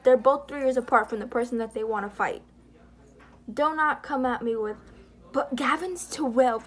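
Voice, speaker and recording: Young woman vlogger, slightly high voice, fast heated rambling commentary on drama. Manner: rambling, heated, retelling drama with quoted dialogue. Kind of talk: casual commentary vlog.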